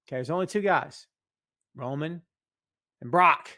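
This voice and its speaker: A middle-aged man hosting a live wrestling podcast from his office, reading out chat comments in an animated, hyped way. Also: fairly high pitch, measured pace. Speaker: podcast host. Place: home office.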